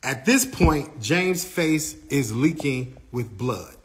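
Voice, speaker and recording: A man recounting events as an eyewitness, telling the story in an animated first-person way and acting out what other people said. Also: mid-range voice. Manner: acts out other people's lines, grows louder and faster as the story heats up.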